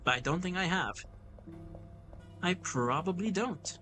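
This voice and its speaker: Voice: medium pitch, animated, a little slow, sharp tone, soft background music. A gaming YouTuber giving let's-play commentary, reacting casually and thinking aloud while playing.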